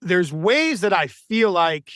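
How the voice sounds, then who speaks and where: A man's voice: high voice, sing-song, slow pace, a bit bright, clean tone, dry recording. A male podcast host talking over a remote call, reflective and tentative, often framing his points with "I feel like". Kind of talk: podcast interview, conversational. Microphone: remote call with a mute button.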